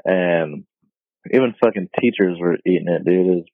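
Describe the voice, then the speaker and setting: A young man telling a story casually on a podcast, slangy and swearing, jumping high when he quotes people. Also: normal speed, no room sound. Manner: laid-back slangy, swears often, voices others in high tones. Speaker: podcast guest. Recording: phone-like dry sound.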